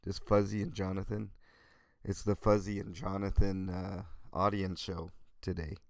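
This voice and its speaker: A man hosting a casual live-stream show in a groggy morning voice, greeting chat viewers by name with a relaxed, filler-heavy way of talking. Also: low-pitched, normal speed, creaky, no echo, studio quality. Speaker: livestream host.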